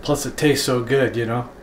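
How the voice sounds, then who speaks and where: A man's voice: medium pitch, fairly even intonation, measured pace, slight background noise. A man chatting casually on a vlog, easygoing and enthusiastic, often tagging on "right?". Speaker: vlogger. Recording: echoey room.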